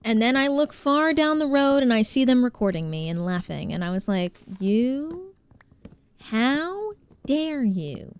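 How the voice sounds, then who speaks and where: A woman streamer talks casually while she plays, her voice sitting a little high. She chats loosely with her viewers, laughing easily and greeting people as they arrive. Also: a little fast, hardly any pauses, a little hiss or hum. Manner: chatty, laughs often, greets chat. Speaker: livestreamer. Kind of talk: casual gaming stream chat.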